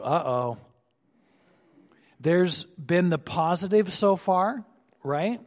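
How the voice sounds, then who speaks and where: A male pastor preaching an expository sermon, slowing down to stress points and dropping his voice on asides. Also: lively intonation, darkish tone. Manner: expository, slows for emphasis, drops low on asides. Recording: long hall reverb.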